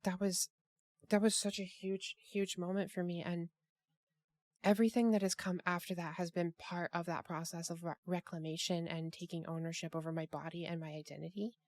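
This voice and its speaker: A woman's voice: on the low side, little pitch movement, a little fast, darkish tone, no room sound, clean studio sound. A woman hosting a casual group chat over a call, rambling with many restarts and fillers. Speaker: podcast host.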